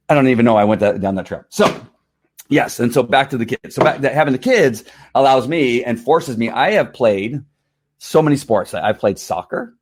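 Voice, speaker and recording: A middle-aged man hosting a casual livestream, slightly hoarse from a strained voice, rambling with repeated words and frequent laughs. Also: mid-range voice, expressive, a little fast. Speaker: livestream host.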